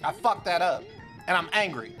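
A man's voice: high-pitched, sing-song, moderate pace, pushed and bright, soft background music. A young man streaming a rhythm game, frustrated and trash-talking with lots of swearing. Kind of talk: live gameplay commentary.

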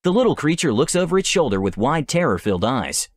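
Reading a scripted fantasy tale aloud, this male game master has a medium pitch and an animated, lively melody. The pacing is measured and descriptive, and the close, dry recording has no echo.

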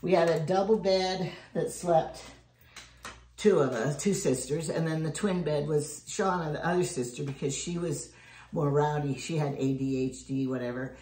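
In a deep, mellow voice at a moderate pace, an older woman chats casually while she bakes for her home cook vlog. She drifts through family stories and chuckles frequently, and the echoey room adds faint background noise.

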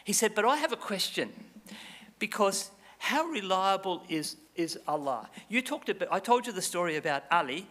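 A man telling a parable in a lecture, acting out the characters' lines with sudden jumps in pitch. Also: normal speed. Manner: animated storyteller, voices characters with high pitch jumps. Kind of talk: storytelling lecture. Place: lecture hall.

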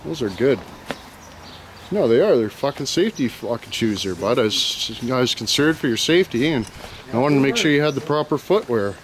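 A man's voice: medium pitch, animated, fairly quick. A young man, filming friends outdoors and joking in crude, profane banter. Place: outdoors at a house. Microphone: handheld camera.

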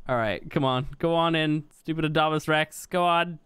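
A young man giving casual gameplay commentary, chatty and exasperated, with sudden high-pitched yelps of surprise. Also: normal speed, a bit bright, a little hiss or hum. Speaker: gaming YouTuber.

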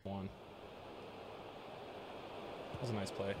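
A young adult man giving live commentary over his own video game matches, excitable, jumping from loud yelps to low muttering. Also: slow, slight background noise. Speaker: gaming video creator.

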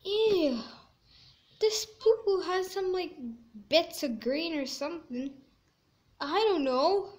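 A woman giving chatty gameplay commentary, squeamish and quick to exclaim in disgust. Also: extremely high pitch. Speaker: gaming video creator.

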